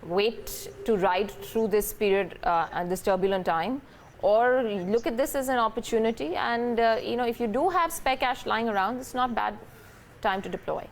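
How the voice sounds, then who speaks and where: A woman with an Indian English accent anchoring a live business news show, talking briskly and conversationally with light fillers. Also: a little high, a little hiss or hum. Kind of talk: live market news presenting.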